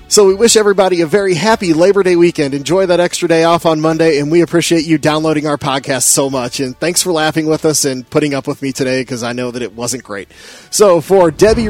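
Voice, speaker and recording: Laughing, self-mocking male podcast host. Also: on the high side. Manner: laughing, self-mocking, tripping over words. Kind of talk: casual podcast chat, reading sponsor spots.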